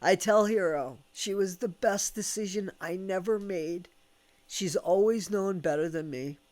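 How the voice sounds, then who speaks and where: A man's voice: high voice, a little slow, darkish tone. An American man telling a candid, rambling story at home, swearing casually and laughing between thoughts. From United States. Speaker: vlogger. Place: at home with his dog.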